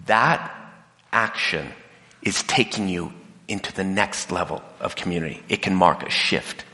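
Man, lively speaker, acts out voices, bright forceful tone, lower pitch, long hall reverb. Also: a little slow. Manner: animated, acts out quoted voices. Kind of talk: talk to an audience.

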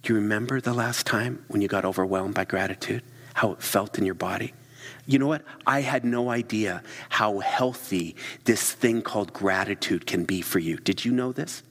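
A middle-aged man preaches a sermon with a husky, slightly low voice. He tells stories in an animated way and often drops into hushed, whispered asides. His voice rings with the long reverb of a large hall. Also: moderate pace. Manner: animated storytelling, acting out quiet whispered asides.

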